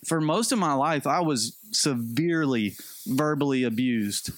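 A young adult man preaching a sermon, animated, acting out quotes as he goes. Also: unhurried, no echo. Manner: animated, acts out quotes with a jumpy pitch. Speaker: pastor.

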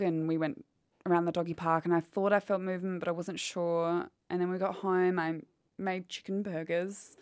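A woman's voice: fairly low pitch, a little mellow, smooth, dry recording, clean studio sound. A woman, telling a painful personal story candidly in an interview. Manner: candid, quotes others as she retells. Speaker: guest.

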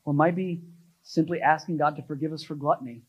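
A young adult male pastor from the United States preaching a sermon, stressing key words with rising emphasis and then dropping low and soft. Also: steady tone, fast, husky, highs cut off.

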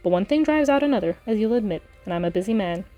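A woman's voice: medium pitch, lively intonation, mellow, lo-fi sound, faint music behind, close to an everyday voice. A woman doing a bumbling chatty innkeeper. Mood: apologetic. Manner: rambling, apologetic, slow to the point. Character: bumbling chatty middle-aged male innkeeper.

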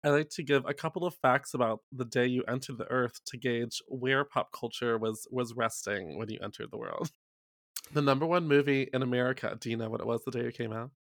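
A man hosting a pop culture podcast, chatty and giggly, reacting quickly to his guest. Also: medium pitch, creaky, fairly bright tone, no echo, studio quality. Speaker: podcast host. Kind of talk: casual chat.

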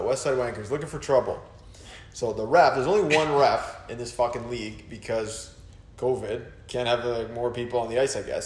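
A man's voice: mid-range voice, darkish tone, reverberant. A man hosting a casual podcast chat, telling a story in a laid-back, swearing way. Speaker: podcast host.

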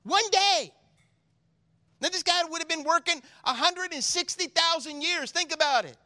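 A man preaching a sermon as pastor, drawing in the congregation with call-and-response asides, moving between quiet solemn reading and loud excited preaching. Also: extremely high pitch, normal speed.

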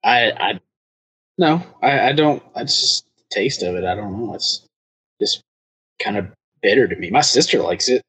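A podcast co-host with a slightly husky voice whose pitch moves around a lot. He talks hesitantly, restarting his sentences as he goes. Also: lively intonation, normal speed, fairly bright tone, rough recording. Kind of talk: casual chat.

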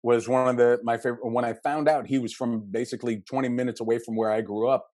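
A man from Western Pennsylvania in his fifties with a Pittsburgh accent, a podcast guest telling animated, jokey stories. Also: mid-range voice, dry recording, clean studio sound. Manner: animated storyteller, jokey, quick asides. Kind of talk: casual podcast interview.

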